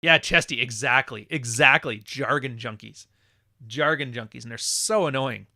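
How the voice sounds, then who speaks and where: A man hosting a live podcast, ranting with profanity and mocking others in high put-on voices. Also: moderate pace, pushed and bright, no echo, studio quality. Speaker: podcast host. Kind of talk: livestream podcast rant.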